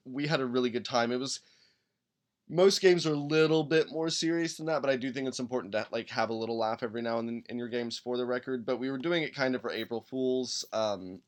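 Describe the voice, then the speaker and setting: On a live-streamed tabletop game podcast, a medium-pitched man works on a character. He chats and rambles casually, reciting rules text and humming to himself during lookups.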